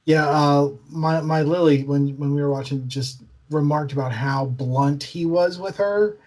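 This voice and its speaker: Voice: mid-range voice, measured pace, a little mellow. A podcast co-host chatting casually about a TV episode, agreeing often and animatedly retelling scenes. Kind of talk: casual fan discussion.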